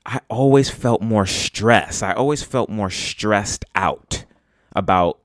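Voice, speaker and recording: Casting: young New man, lowish voice, rambly slangy podcast host, dry close sound. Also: slow pace, no echo. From New York City. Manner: rambling, animated, slangy, full of "like" and "bruh". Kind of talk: casual solo podcast talk.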